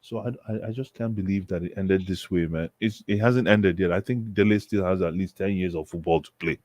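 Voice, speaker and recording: A man co-hosting a casual football chat, excitable and emphatic, repeating his points. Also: low voice, brisk, no echo. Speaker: podcast co-host.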